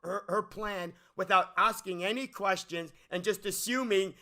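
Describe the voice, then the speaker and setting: A man's voice: sits high, normal speed, bright, forceful tone. A man giving an exasperated, ranting movie review, often stumbling and repeating words as he restarts. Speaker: movie critic.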